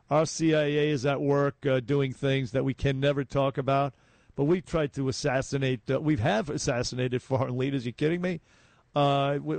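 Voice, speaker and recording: A man's voice: medium pitch, gravelly, a little mellow, dry recording. A man hosting a talk radio show, giving emphatic commentary full of restarts and fillers. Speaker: radio host.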